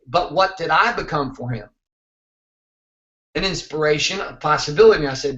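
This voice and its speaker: A man's voice: a little high, a little fast, bright, forceful tone, roomy sound, dull audio. A man hosting a motivational show, talking intensely and emphatically, with some swearing. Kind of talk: motivational talk to camera.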